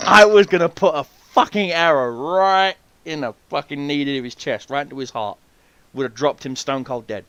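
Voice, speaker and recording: A man hosting a podcast, telling hunting stories in a casual, profane, animated way and acting out the people he quotes. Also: on the high side, moderate pace, smooth, dull audio. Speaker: podcast host. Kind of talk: casual storytelling chat.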